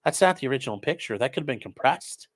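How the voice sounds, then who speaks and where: A man's voice: medium pitch, animated, fast. A man hosting a casual commentary stream, reading viewer messages aloud and answering them sarcastically. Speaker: host reading chat.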